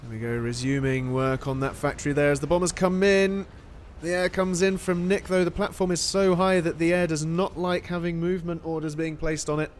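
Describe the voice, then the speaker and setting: A man giving excitable, animated play-by-play commentary on a strategy game. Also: on the high side, brisk, few pauses, slight background noise.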